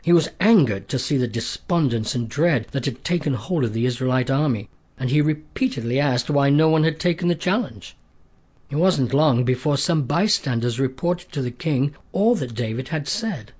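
Husky guy reading a story out, steady and measured, mid pitch. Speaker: narrator. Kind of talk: scripted storybook narration.

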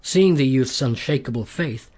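A man reads a scripted story aloud in a steady, measured manner. His voice is husky and sits at a middling pitch. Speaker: narrator.

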